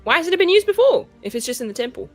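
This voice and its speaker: Woman player, casual rambling chat, lively pitch. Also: racing, soft background music. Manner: rambling, filler-heavy, swears.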